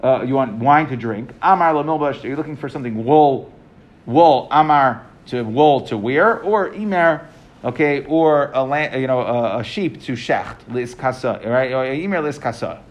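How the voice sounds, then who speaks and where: A man teaching a class, reading passages aloud and explaining them in casual, halting English with frequent restarts. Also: mid-range voice, dull audio. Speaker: Talmud teacher.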